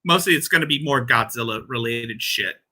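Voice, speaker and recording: Male commentary host, crude and rambling, very bright edgy tone. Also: medium pitch, animated, moderate pace. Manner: crude, rambling, laughing at his own jokes. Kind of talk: casual reaction commentary.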